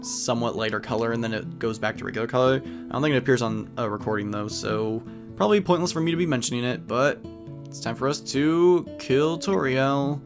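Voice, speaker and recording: Over background guitar music, a man gives brisk, chatty gameplay commentary in a mid-range voice. He discusses his choices, reads the game's dialogue out loud, and drops flat asides.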